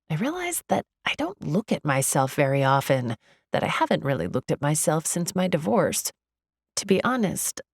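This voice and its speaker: A woman narrating a first-person romance audiobook in a measured, wry manner. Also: low voice, gravelly, no echo, clean studio sound.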